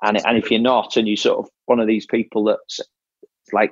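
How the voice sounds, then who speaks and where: A man's voice: lowish voice, flat delivery, moderate pace, slightly rough, dry recording, dull audio. A man coaching an athlete in casual talk, explaining step by step and often restarting his phrases. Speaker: triathlon coach.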